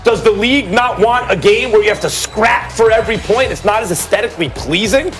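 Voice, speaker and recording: A man's voice: high-pitched, a little fast, a bit bright, faint music behind. A middle-aged man in a heated sports debate, arguing his point with a string of rhetorical questions.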